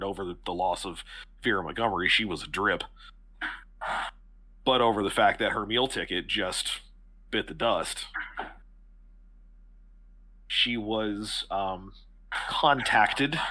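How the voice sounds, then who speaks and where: A man's voice: on the low side, bright, forceful tone, slightly rough. A man running a tabletop horror game as game master, describing characters in a rambling way with many fillers.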